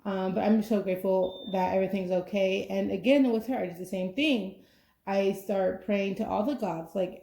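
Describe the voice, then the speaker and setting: A woman's voice: medium pitch, fairly even intonation, normal speed, vocal fry, dark tone. A young adult woman hosting a podcast, chatting casually in a rambling way, full of "like" and "you know". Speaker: podcast host. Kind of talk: casual chat.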